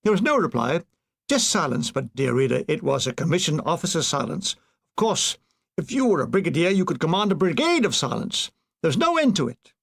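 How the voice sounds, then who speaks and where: Man, audiobook memoir reading, deadpan humor, high gravelly voice, lively intonation. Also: fairly quick. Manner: deadpan, playful punning delivery. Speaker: narrator. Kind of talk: reading a comic war memoir aloud.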